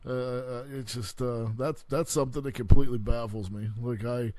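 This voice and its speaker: A man holds forth in a mellow, darker voice, cursing freely and stumbling over his own fillers as he rants. The sound is close and dry, with no room around it. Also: medium pitch, steady tone, no room sound. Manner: heavy swearing, halting with many fillers. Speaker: podcast host. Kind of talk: profane rambling rant.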